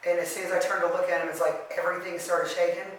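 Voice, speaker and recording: A woman's voice: lowish voice, fast talker, slight background noise. A woman guest tells her story evenly and matter-of-factly, with very little rise and fall in her voice. She sounds distant from the mic in a very echoey room. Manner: even, matter-of-fact telling of eerie experiences. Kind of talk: casual storytelling.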